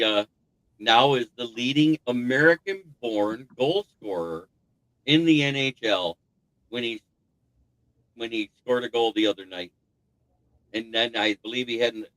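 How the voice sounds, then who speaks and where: Bright-voiced man talking football. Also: medium pitch, no echo, poor audio. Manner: rambling, thinks aloud with restarts, laughs at rival team's troubles. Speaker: sports talk show host. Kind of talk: casual sports chat on a live stream.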